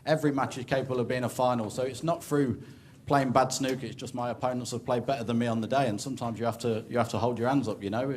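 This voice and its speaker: A man's voice: medium pitch, fairly even intonation, quick pace, darkish tone, a little hiss or hum. A man, a snooker player, chatting in a post-match interview with lots of "you know".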